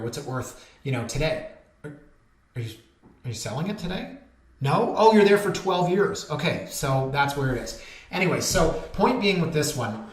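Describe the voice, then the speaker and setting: A man working as a real estate agent, chatting candidly and wandering off topic as he goes over listings. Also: mid-range voice. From Canada. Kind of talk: casual market commentary over listings. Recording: echoey room with faint noise.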